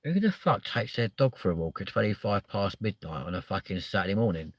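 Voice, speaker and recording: A man hosting a casual, comedic chat show, swearing freely and bouncing excitedly from one story to the next. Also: lowish voice, a little fast, dry recording. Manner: sweary, excitable, jumps between stories. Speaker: show host.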